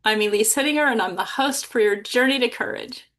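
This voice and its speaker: A woman's voice: on the high side, brisk, a bit bright. A woman hosting her own podcast, telling a personal story in an emotional, reflective way, close to tears at times. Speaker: podcast host.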